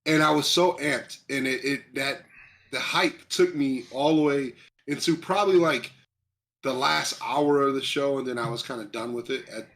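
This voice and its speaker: Excited rambling male streamer. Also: mid-range voice, normal speed. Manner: excited, rambling, reads chat aloud. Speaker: stream co-host. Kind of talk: casual chat about video game awards.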